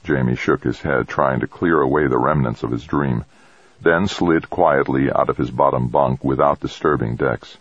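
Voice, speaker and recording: A man reading a novel aloud in a measured, steady narration. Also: very deep voice, husky, no echo, muffled recording. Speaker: audiobook narrator.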